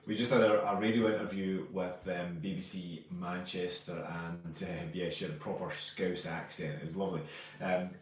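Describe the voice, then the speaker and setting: A man's voice: low-pitched, steady tone, normal speed, heavy reverb, recorded from a distance. A Scottish man co-hosting a casual live stream, chatting and greeting viewers by name as he reads their comments. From Scotland.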